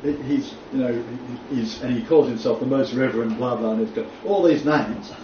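A man's voice: medium pitch, normal speed. A man teaching a Bible class in a blunt, joking way, often laughing. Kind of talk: informal lecture. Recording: echoey room from far off, dull, faint noise.

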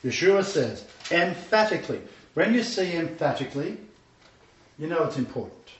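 A man's voice: a little high, big pitch swings, normal speed. Emphatic male preacher in an echoey room. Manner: emphatic, repeats scripture phrases. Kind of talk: sermon with congregation interjections. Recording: echoey room, dull sound from far off.

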